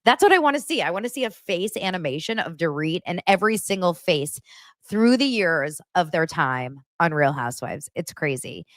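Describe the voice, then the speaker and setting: A woman's voice: fairly low pitch, animated, moderate pace, dry recording, studio quality. Gushing chatty woman host. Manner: chatty and gushing, full of fillers and asides. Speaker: host of a pop-culture livestream show. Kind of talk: casual chat to a live audience.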